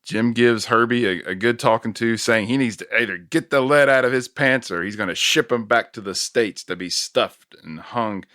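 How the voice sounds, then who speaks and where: A man hosting a podcast, casually recapping a movie scene by scene with chuckles and quick self-corrections. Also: medium pitch, pushed and bright, no echo, clean studio sound. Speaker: podcast host recapping a film. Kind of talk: casual plot recap chat.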